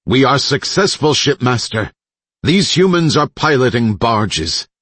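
A man's voice: mid-range voice, very animated, a little slow, fairly bright tone, slightly rough, no room sound, voice pushed up, heavily acted. A man voicing a smug male alien fleet commander in an audiobook, cold and boastful.

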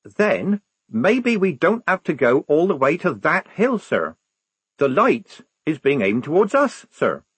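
A man's voice: fairly high pitch, big pitch swings, measured pace, a bit bright, breathy edge, no echo, voice pushed up, exaggerated voice. A man voicing an earnest young woman recruit who speaks deferentially to her officers.

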